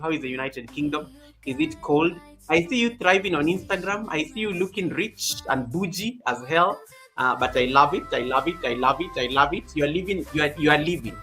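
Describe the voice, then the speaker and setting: Bright-voiced chatty male livestream host. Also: fairly high pitch. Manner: chatty, repeats phrases, greets viewers by name. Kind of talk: casual livestream chat. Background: faint background music.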